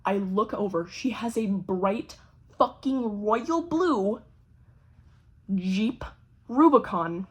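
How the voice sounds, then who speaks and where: Young woman vlogger, husky, mid-pitched, animated casual storyteller with plenty of swearing. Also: takes it slowly, pauses often. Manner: animated, swears a lot, acts out quoted voices.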